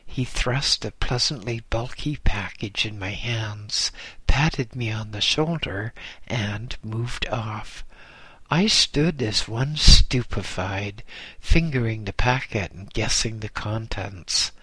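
A man reading a first-person story aloud in a measured, gently wry way. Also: lowish voice, breathy edge, no echo. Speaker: narrator. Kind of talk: first-person audiobook narration.

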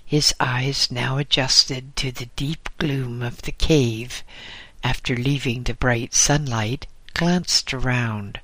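Slow, measured male audiobook narrator. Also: medium pitch, pushed and bright, no room sound.

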